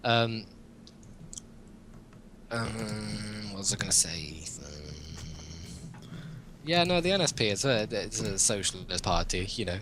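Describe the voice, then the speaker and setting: A man's voice: lowish voice, animated, slow pace, pauses often, noisy background. A young man hosting a casual chat, rambling and joking and laughing often. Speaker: podcast host.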